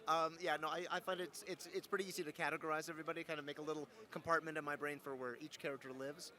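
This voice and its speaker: A man's voice: a little high, fast. A young adult man, a voice actor, telling stories in a casual interview, playful and joking. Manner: playful, joking, animated storyteller. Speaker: voice actor guest.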